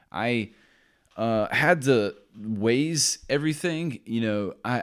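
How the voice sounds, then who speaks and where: Man, podcast host, casual rambling monologue, low pitch, smooth resonant voice. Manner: rambling, self-interrupting, offhand.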